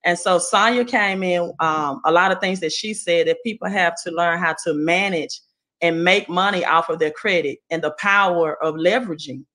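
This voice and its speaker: A woman with a Southern accent giving an earnest, motivational testimonial on a group call, with many pauses and "right?"s. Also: fairly low pitch, a bit bright. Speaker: guest speaker.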